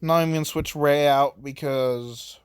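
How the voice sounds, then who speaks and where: A man's voice: fairly high pitch, fairly even intonation, normal speed, clean tone, dry recording. A man giving casual, rambling commentary as he plays a video game and thinks aloud. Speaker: let's play host.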